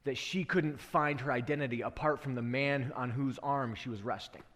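A man's voice: mid-range voice, moderate pace, a bit bright, long reverb tail. A male preacher delivering an earnest sermon that tells a story and asks rhetorical questions, in a church.

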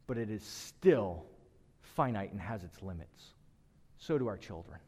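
A man in his thirties preaching a sermon, talking to the congregation like a conversation, dropping to a hush and then rising with emphasis. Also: on the low side, lively intonation, unhurried, husky. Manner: conversational preaching, shifting between hushed and emphatic. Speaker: pastor. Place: church hall. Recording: long hall reverb.

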